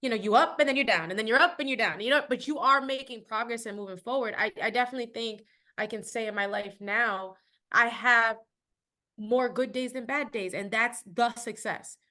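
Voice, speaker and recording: A woman speaking as a podcast guest with a bright, slightly high voice. She talks earnestly and reflectively, pausing to hunt for the right word. The tone stays casual and conversational. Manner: reflective, earnest, searching for words.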